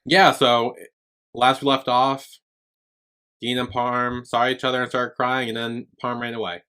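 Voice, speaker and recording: A man's voice: mid-range voice, level tone, unhurried, sharp tone, clean tone. A man co-hosting a podcast, recapping a show in a loose, rambling way with lots of fillers. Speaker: podcast co-host. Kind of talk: casual chat recapping a TV series.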